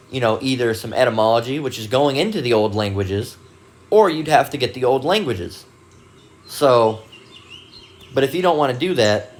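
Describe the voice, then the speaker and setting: A man's voice: mid-range voice, a little hiss or hum. Rambling man teaching from dictionary definitions. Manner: rambling, with many fillers and restarts; reads dictionary definitions aloud. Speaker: religious video host. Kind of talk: casual Bible teaching monologue.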